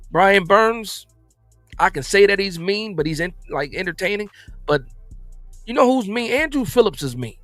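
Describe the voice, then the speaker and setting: A man's voice: high voice, fairly bright tone, no room sound. Emphatic man hosting a football stream. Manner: conversational, emphatic, repeats phrases. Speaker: livestream host reading chat. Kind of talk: casual football recap livestream.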